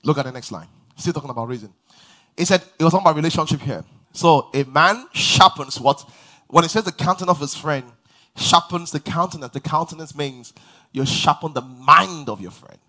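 A man's voice: fairly high pitch, a little fast, pushed and bright. A man preaching a sermon to a large church congregation, emphatic and drawing responses from the crowd. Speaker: pastor.

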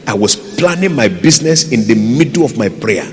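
Preaching with passion, this male pastor has a medium-pitched, expressive voice and keeps a normal pace. His delivery rises into loud pleas and drops into quiet asides as he calls to the congregation. The recording carries the long reverb of a big hall.

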